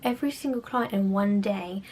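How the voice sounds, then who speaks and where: A woman's voice: medium pitch, normal speed, a little mellow, slight background noise. A young woman, a spa therapist, ranting sarcastically about clients in a casual vlog. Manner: exasperated, sarcastic storytelling.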